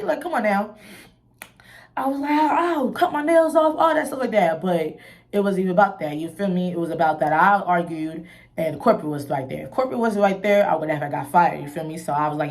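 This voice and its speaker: A woman's voice: mid-range voice, animated, fairly quick. Candid young woman telling a story. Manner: candid, emotional, slangy storytelling with frequent "you feel me". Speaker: vlogger. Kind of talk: casual storytime vlog.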